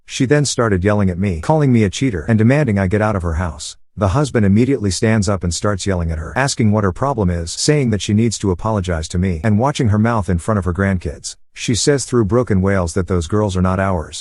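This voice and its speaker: A man narrating an online story in a quick, even, scripted reading, with little change for the quoted speakers. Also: lowish voice, no room sound, studio quality.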